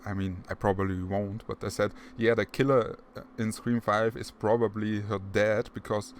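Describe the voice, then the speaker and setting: A man's voice: fairly low pitch, level tone, normal speed, slight background noise. A man co-hosting a casual movie podcast, playful and teasing, often breaking into laughter. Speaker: podcast co-host. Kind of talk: casual chat.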